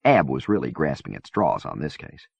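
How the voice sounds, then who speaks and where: A man reading a novel aloud in measured, even scripted narration. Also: rumbling low, creaky, husky, no room sound. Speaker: audiobook reader. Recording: dull dry cassette-era recording.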